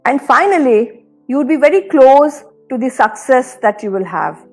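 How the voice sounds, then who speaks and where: A woman with an Indian English accent lectures students in an earnest, advisory tone, her voice sitting high. She leans on key phrases and repeats them for emphasis. Faint music plays softly underneath. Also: animated, moderate pace. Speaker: university administrator giving a talk. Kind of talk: motivational career lecture.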